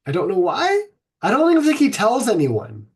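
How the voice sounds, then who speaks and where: A man hosting a podcast, retelling an ancient myth in a rambling, irreverent way, swearing and filling pauses with ums. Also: very high voice, wildly swooping pitch, a little mellow. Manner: rambling, irreverent, profane, many fillers. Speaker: podcast host.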